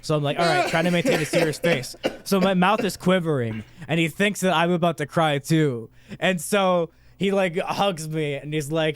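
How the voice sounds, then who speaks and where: This is a man in his late thirties who talks a little higher than most men. He tells a story with plenty of swearing and mocks himself, often laughing as he speaks. It is loose, casual podcast chat. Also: normal speed, few pauses, heavy background noise. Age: late 30s. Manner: profane, self-mocking storyteller who laughs while talking. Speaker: podcast co-host.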